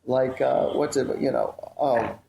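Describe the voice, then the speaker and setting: A man's voice: mid-range voice, unhurried, gravelly, mellow, a little hiss or hum. Guy cohosting a radio talk show, jokey, rambles, laughs a lot, echoey room. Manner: joking and rambling, laughs often. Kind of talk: casual radio chat.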